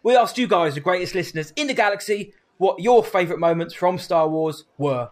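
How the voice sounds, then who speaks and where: A man's voice: high voice, brisk. A man co-hosting a podcast, talking casually and with enthusiasm. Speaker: podcast co-host.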